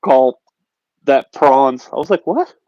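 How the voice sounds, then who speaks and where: A man's voice: fairly high pitch, fairly quick, no echo, lo-fi sound. A man joining a stream over a video call, chatting casually and joking in an easygoing way. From United States. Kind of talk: casual chat.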